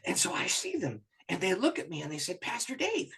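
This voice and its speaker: A man, a pastor, telling a story in an interview with lively, acted-out voices. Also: high-pitched, fast, husky. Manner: animated storyteller who acts out voices and laughs often.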